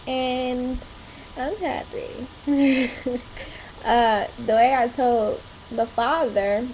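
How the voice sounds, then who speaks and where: A woman's voice: on the high side, darkish tone, a little hiss or hum, low-quality recording. A young woman chatting casually in a home vlog, rambling along with short laughs. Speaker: vlogger. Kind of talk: casual chat.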